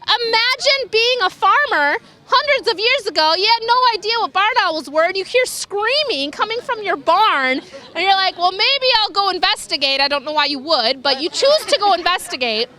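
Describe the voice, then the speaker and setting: A woman's voice: very high voice, animated, normal speed, few pauses, pushed and bright. A young woman giving an enthusiastic wildlife lecture to an audience, sometimes imitating animal calls. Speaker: raptor educator. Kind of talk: public lecture.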